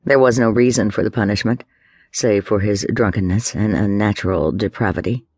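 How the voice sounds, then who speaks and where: A man narrates a historical story in a low, steady voice. The recording is dry and close, and his delivery is measured and dramatic. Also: slightly rough, no room sound. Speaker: audiobook narrator. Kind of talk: scripted narration.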